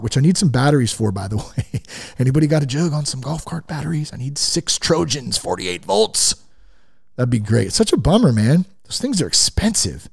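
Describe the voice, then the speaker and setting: Gravelly-voiced man hosting a sobriety podcast. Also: medium pitch, a little mellow. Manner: conversational, sidetracks with self-mocking jokes. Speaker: podcast host. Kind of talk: casual faith-based sobriety podcast talk.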